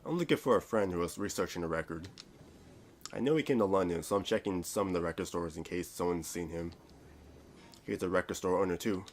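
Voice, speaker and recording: A man's voice: deep voice, fairly quick, a little hiss or hum. A man reading a visual novel aloud, rambling and stumbling over words with self-mocking asides. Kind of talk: reading a game aloud with commentary.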